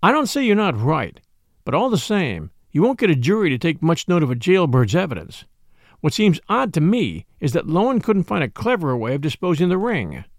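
Brief: bluff police inspector, voiced by a man, raised and gravelly. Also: fairly high pitch, sing-song, brisk, no room sound, clean studio sound. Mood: skeptical. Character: blunt, hearty male police inspector.

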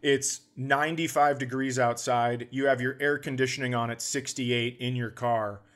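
A middle-aged man hosting a podcast who has a stutter and tells comedic stories in a casual, animated way, jumping into high voices when he quotes people. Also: normal speed. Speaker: podcast host.

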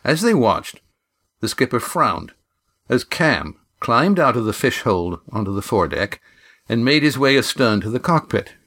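A man reading a novel aloud, with steady, even storybook narration. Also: mid-range voice, normal speed. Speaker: audiobook narrator.

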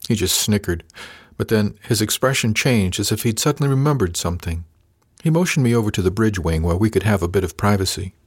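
Low-voiced male audiobook narrator. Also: fairly quick, no echo, studio quality. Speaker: author and narrator.

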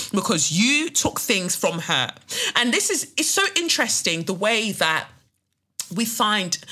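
A woman's voice: mid-range voice, bright, forceful tone. A woman hosting a podcast, delivering a fiery, emphatic and profane monologue, repeating points for stress. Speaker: podcast host. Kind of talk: impassioned monologue.

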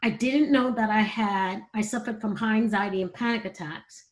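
A middle-aged woman, a podcast guest, telling candid stories in an animated way and laughing between them. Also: medium pitch, normal speed. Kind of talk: candid storytelling interview.

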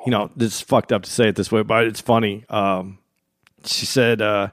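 A man co-hosting a casual podcast, telling a story in a rambling, halting way with lots of fillers. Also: fairly low pitch, steady tone, a bit bright, no echo, clean studio sound. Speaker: podcast co-host.

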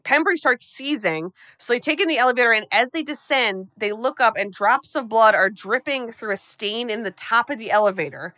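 A woman podcast host recapping a film for a guest, telling it fast and breathlessly, with lots of profanity. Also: on the high side, lively intonation, bright, forceful tone, dry recording. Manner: rapid, profane, breathless storytelling.

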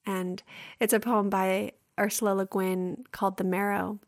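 A woman hosting a conversation, gently moved, who reads a short poem aloud in a steady way. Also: medium pitch, normal speed, no room sound, clean studio sound.

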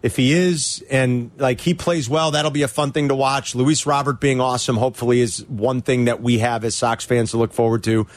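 A man hosting a sports talk radio show, an animated fan who rants about his teams. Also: medium pitch, moderate pace, few pauses, no echo.

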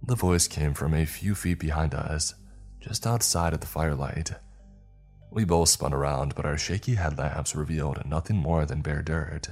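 Very deep husky male narrator. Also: darkish tone, faint music behind. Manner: measured, first-person storytelling. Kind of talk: scripted horror narration.

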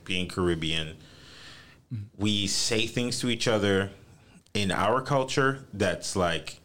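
A man's voice: fairly low pitch, takes it slowly. A man from the US East Coast telling joking stories in a casual podcast chat. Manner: joking storyteller, animated.

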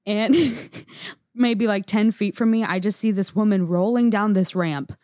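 Female co-host, mid pitch, dry close mic, chatty and laughing. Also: measured pace, darkish tone, no room sound. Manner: chatty, laughs while telling, acts out quotes. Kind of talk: casual storytelling chat.

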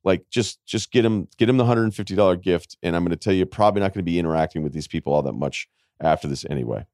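A man in his forties hosting a casual podcast, telling rambling stories with wry self-mockery and quick asides. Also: low-pitched, a little mellow, no room sound, studio quality. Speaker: podcast host.

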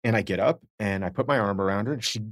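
A husky-voiced middle-aged man in a relaxed podcast chat, spinning embarrassing stories about himself and playing every person in them. His voice sits at an ordinary pitch, close and dry with no room around it. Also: fast, no room sound. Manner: self-deprecating storyteller, acts out quoted voices. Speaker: podcast co-host. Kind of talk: casual chat, telling anecdotes.

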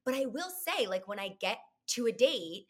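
A woman's voice: a little high, animated, normal speed. A young woman guest on a podcast, bubbly and effusive in casual chat.

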